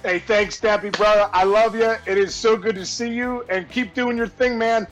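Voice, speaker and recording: A man being interviewed, telling a story with animated energy, shouting out the punchlines, acting out other people's voices, and laughing often. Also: high-pitched, normal speed, highs cut off, soft background music. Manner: lively, acts out quoted voices and shouts punchlines; laughs often, warm and effusive. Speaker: guest, former baseball player. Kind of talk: animated storytelling in casual chat.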